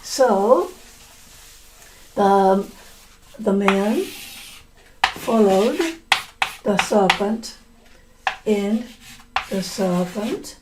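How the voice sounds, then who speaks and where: A woman's voice: mid-range voice, animated, drawn-out words, pauses often, background noise. A woman telling a folk tale to English learners, repeating and rephrasing lines and explaining words as she goes. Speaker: storyteller and English teacher.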